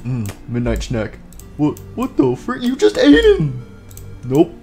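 A man's voice: on the high side, huge pitch swings, slow pace, music in the background, full character voice. A man voicing a clumsy, rude male animatronic with a hammer in a fan machinima, rambling and silly. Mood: goofy.

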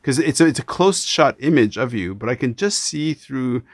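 A Canadian man hosts a relaxed interview over a video call. He talks with lively emphasis, often restarting his sentences. The sound is close and dry, with no room around him. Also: medium pitch, normal speed, no echo. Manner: animated, emphatic, frequent restarts. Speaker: podcast host. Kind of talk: casual interview conversation.

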